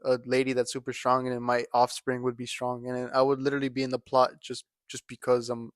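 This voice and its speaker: A man's voice: mid-range voice, monotone, fast, no echo, studio quality. A young man co-hosting a podcast, chatting casually and rambling through slangy stories full of fillers. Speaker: podcast co-host. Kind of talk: casual chat.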